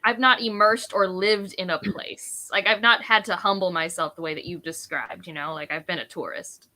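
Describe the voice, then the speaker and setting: A woman guest in a casual book chat, talking in a reflective, relaxed way. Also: fairly low pitch, moderate pace.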